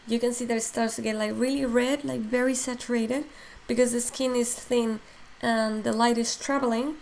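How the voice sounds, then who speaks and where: Her voice is fairly high, and a little background noise can be heard. She's a digital sculpting instructor streaming a live tutorial, musing aloud with plenty of fillers and reading the chat while her voice tires and strains.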